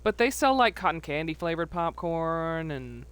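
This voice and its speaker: A woman's voice: low-pitched, sing-song, moderate pace, clean tone. A woman streaming live who chats casually, laughs often and reads viewers' messages aloud. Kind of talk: casual livestream chat.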